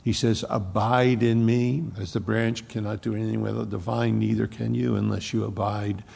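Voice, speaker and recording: A man preaching a sermon, expounding scripture slowly and emphatically and quoting Bible verses. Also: lowish voice, little pitch movement, vocal fry, darkish tone, slightly rough, in a large hall. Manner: slow, emphatic Bible exposition with quoted scripture.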